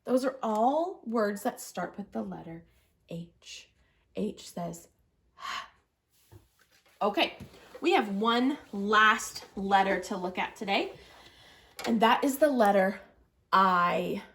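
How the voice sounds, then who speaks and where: A woman's voice: medium pitch, lively intonation, slow pace, a bit bright. A woman teaching a children's reading lesson, patiently walking young learners through writing letters and saying their sounds. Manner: encouraging, patient, prompting the viewer to repeat. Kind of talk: early literacy lesson, guiding children through letter formation.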